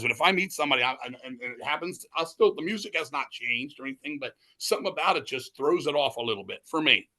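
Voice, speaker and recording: A man talks in a very bright, forceful voice, rambling through his stories with heavy cursing and frequent restarts. His tone is excitable and conversational, like an interview guest holding forth. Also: mid-range voice. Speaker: interview guest, metal musician. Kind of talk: casual storytelling chat.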